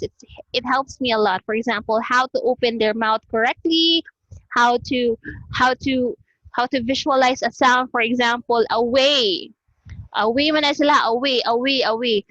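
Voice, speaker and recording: Woman, Filipino accent, Cebuano speaker, teacher, online lecture, code-switching, high voice, dry lo-fi video call sound. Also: fairly bright tone, no echo. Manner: switches between English and Cebuano, checks in with "Okay?". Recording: dull lo-fi video call audio.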